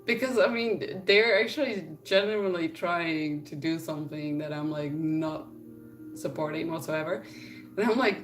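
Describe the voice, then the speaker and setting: A young woman chatting casually to her viewers in a slightly low voice. She tells her stories with an exasperated, laughing manner, with faint music playing underneath. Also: moderate pace. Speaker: vlogger. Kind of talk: casual chat to camera.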